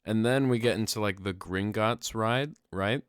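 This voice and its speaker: A young man co-hosting a podcast, telling a comedic story in an animated way, laughing often and breaking into loud yelled bits. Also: fairly low pitch, normal speed, clear, resonant tone, dry recording, clean studio sound. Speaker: podcast co-host.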